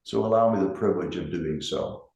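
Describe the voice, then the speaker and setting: A middle-aged man, a grief counselor, giving a gentle, measured reflective talk with emphasis on key words. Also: sits low, vocal fry. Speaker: grief counselor and center director. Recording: roomy echo.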